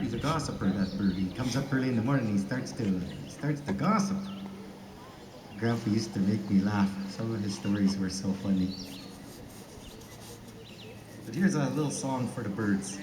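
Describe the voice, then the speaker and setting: A man's voice: on the low side, a little fast. A man playing flute and telling humorous stories to an audience in a park, talking casually and chuckling as he goes. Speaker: flute player and storyteller. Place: outdoor park with birds around. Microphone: touchy microphone he stands back from. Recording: echoey, distant, noisy outdoor sound.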